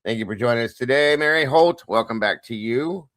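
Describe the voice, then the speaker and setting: A man's voice: mid-range voice, brisk, fairly bright tone, no room sound, studio quality. A man hosting a casual livestream, greeting viewers one by one by name with playful sing-song asides. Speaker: livestream host.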